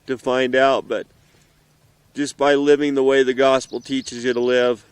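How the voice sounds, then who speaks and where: A middle-aged father, emotional and earnest, speaking haltingly outdoors in the mountains in a heartfelt message to his children. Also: medium pitch, flat delivery, clean tone, dry recording. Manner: earnest, halting, with pauses and restarts.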